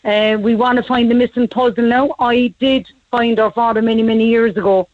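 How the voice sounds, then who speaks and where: A woman, telling a family story as a radio guest in a brisk, animated way. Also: fairly high pitch, no room sound. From Ireland. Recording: dry, slightly muffled radio audio.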